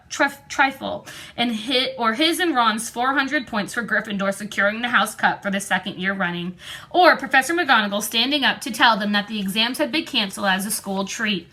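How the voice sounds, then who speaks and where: A woman reading a storybook aloud in a clear, steady narrating voice. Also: on the high side. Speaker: audiobook reader.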